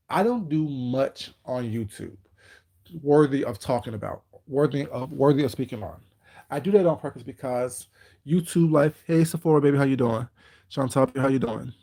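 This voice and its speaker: A man hosting a casual livestream, greeting viewers by name and calling people out with slow, emphatic points. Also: medium pitch, warm tone. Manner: greets viewers by name, calls them baby; slow, emphatic, confrontational call-outs. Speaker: livestream host.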